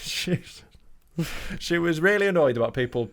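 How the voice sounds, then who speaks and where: A man's voice: fairly high pitch, animated, moderate pace, fairly bright tone. A man co-hosting a comedy podcast, telling a story in a rambling way full of fillers and restarts. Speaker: podcast co-host.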